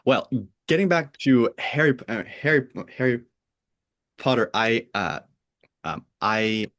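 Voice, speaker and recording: A man's voice: medium pitch, lively intonation, fairly bright tone. American man hosting a chatty podcast. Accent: General American. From United States (Pennsylvania, Oregon). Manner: halting, many restarts, laughs easily. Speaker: podcast host. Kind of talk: casual chat.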